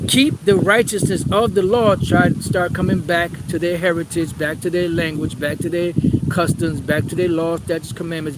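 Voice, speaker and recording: Man preaching outdoors, slightly high voice. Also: heavy background noise. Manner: reads scripture aloud, then explains with rhetorical questions; emphatic, repeats phrases. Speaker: Bible teacher. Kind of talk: preaching Bible study.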